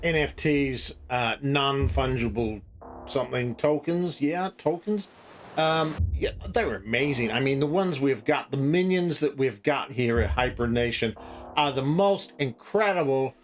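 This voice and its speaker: A man's voice: medium pitch, expressive, measured pace, soft background music, lightly acted. A man playing a boastful crypto promoter with a put-on slight American accent, rambling through buzzwords with lots of fillers. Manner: rambling, filler-heavy, salesy.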